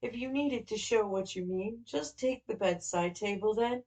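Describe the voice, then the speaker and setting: A woman's voice: medium pitch, moderate pace, a little mellow, natural voice, poor audio. A woman reading a novel aloud, voicing a tired young woman lodger who is weary and mildly reproachful.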